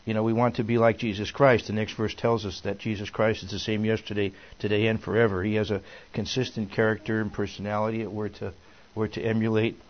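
A man's voice: on the low side, flat delivery, fast, hardly any pauses, dull audio. A man preaching a sermon as a minister, folksy and rambling with many fillers and restarts.

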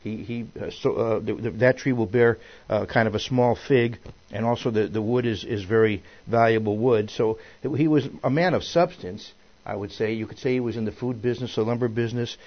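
An older man leads an easygoing Bible class, wandering off into old stories and chuckling along the way. His voice sits at a middling pitch. The recording is dull and lo-fi. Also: a little fast. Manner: folksy, digressive, chuckles at his own stories. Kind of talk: informal Bible lesson.

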